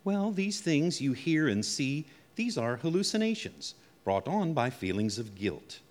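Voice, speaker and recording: A calm, probing psychiatrist in an old radio drama, measured and accusing, his pitch rising and falling very freely. the voice carries a long reverb, as if in a big hall. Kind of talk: 1940s radio acting.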